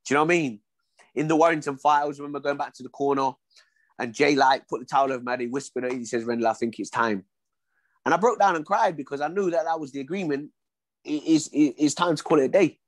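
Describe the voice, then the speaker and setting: Lively man telling boxing stories. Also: fairly high pitch, quick pace, dry recording. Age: 40s. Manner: animated storyteller, acts out dialogue. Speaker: guest, former boxer. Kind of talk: casual storytelling interview.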